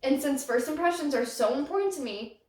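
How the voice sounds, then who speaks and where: A woman's voice: sits high, expressive, fairly quick, a little mellow, distant mic. A young woman hosting a podcast, rambling through a casual story, self-conscious and often laughing. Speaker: podcast host. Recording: roomy echo, voice off-mic.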